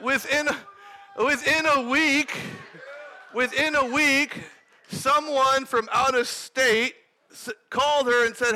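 High, bright-voiced male preacher. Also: slow pace. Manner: animated storytelling, shouting and laughing. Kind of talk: sermon testimony.

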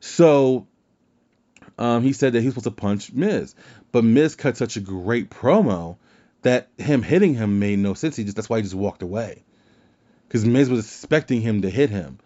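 A man's voice: medium pitch, lively intonation, moderate pace, dark tone. A man hosting a wrestling podcast in casual chat, rambling and swearing freely. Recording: dull lo-fi sound.

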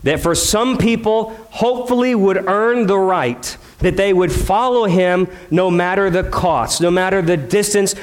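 Dramatic preacher man, slightly high voice. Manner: dramatic, acts out quoted voices; conversational preaching with rhetorical questions. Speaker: pastor. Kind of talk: sermon.

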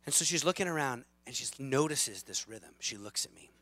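A man in his thirties preaching a sermon as a lively, self-deprecating storyteller, with big swings in loudness. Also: mid-range voice, brisk, dry recording. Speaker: pastor.

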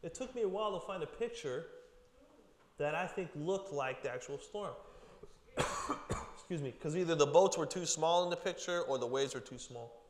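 A man's voice: a little high, expressive, normal speed, long pauses. A man preaching a casual, joking sermon to a group, with chatty asides. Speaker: pastor. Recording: long hall reverb.

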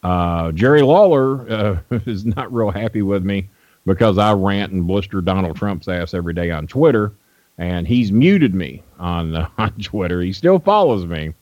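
A man's voice: sits low, lively intonation, moderate pace, darkish tone, no echo. An older man telling long, blunt stories as a guest on a radio show, with lots of fillers and restarts. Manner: rambling, blunt storyteller with frequent fillers. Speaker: guest wrestling manager. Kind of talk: storytelling in a radio interview. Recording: dull, dry lo-fi radio audio.

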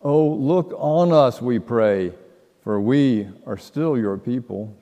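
A male pastor delivering a sermon at an unhurried, deliberate pace. His voice carries a long reverb from a church sanctuary. He tells stories dramatically, shifting between quiet hushes and loud outbursts. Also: mid-range voice. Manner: slow, dramatic storytelling with sudden loud outbursts and hushed passages.

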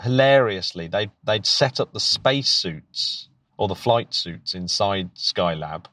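A British man, a teacher and podcast co-host, chats casually and eagerly, restarting often and laughing a lot. His lowish voice is expressive, slow, bright and forceful, with no room sound.

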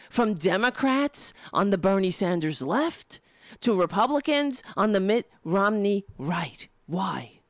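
Hosting a political show from home, a young adult woman reads an op-ed aloud and keeps interrupting herself with sarcastic, profane remarks while her voice is giving out. Her mid-range voice comes through dry with clean studio sound.

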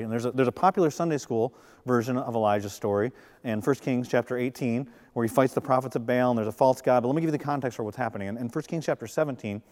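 A man's voice: mid-range voice, darkish tone. A male pastor giving a sermon in a conversational way, with jokes and acted-out quotes. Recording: long reverb of a large hall.

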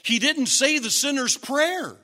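Male preacher, high voice, unhurried sermon delivery, emphatic with shouted peaks. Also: animated. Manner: emphatic, rising to shouts at key points; repetitive, stacked phrases.

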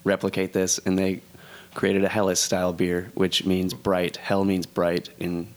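Low-voiced young man explaining casually. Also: completely flat delivery. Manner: explanatory, slow and deliberate when informing. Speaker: podcast co-host. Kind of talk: casual chat.

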